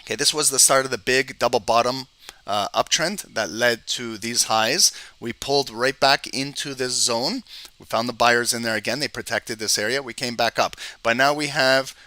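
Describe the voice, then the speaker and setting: A man hosting a live trading stream, talking quickly and excitedly through market charts and checking in with viewers. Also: mid-range voice, no room sound. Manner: fast-talking, excited, frequent "okay?" check-ins.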